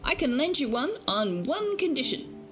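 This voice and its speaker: A woman voicing an eager young game character, reading its lines in a high, sing-song manner. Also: very animated, normal speed, fairly bright tone, soft background music.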